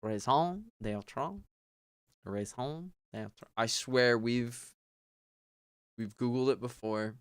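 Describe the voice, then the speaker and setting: Male streamer, slow halting read-aloud on a desk mic, smooth clear tone, dry close sound, casual and profane. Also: medium pitch, steady tone, no echo. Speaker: streamer reading a book aloud. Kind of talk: casual live-stream reading.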